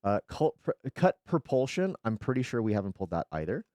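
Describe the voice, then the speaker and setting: A man's voice: lowish voice, sing-song, brisk, a little mellow, no room sound. This man talks the way a streamer does while tearing open card packs, loose and joking, with the odd curse word and frequent stumbles over card names. His voice swings up and down a lot. It sounds close and dry. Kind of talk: casual chat while opening card packs.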